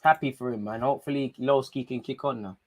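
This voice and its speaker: A young man, giving casual, excitable live commentary to viewers during a football watchalong stream, talking in slangy street speech. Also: medium pitch, quick pace.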